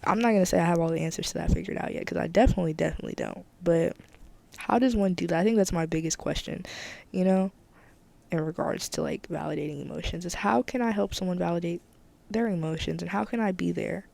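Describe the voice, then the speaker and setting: A woman's voice: lowish voice, fast talker, gravelly, mellow. A woman hosting her own podcast, talking candidly and emphatically in a casual solo monologue, often repeating herself for emphasis. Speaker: podcast host.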